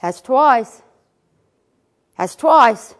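A woman preacher voicing a humble old wife who speaks in a soft, quiet, deadpan voice. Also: very high voice, slow, heavily acted.

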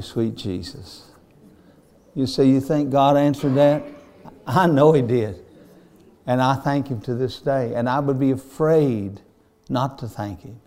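A man's voice: mid-range voice, mellow. An older man, preaching a sermon in a folksy, earnest storytelling style.

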